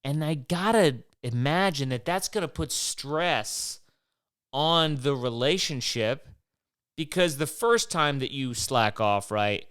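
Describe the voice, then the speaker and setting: A young man hosts his own talk show alone, musing aloud in a loose, profane ramble that keeps doubling back on itself. His voice sits in an ordinary middle pitch with a smooth, clear tone. The recording is close and dry, with no room sound. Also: animated, takes it slowly, a bit bright, no echo. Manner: rambling, swears often, many restarts. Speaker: podcast host. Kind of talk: casual solo rant.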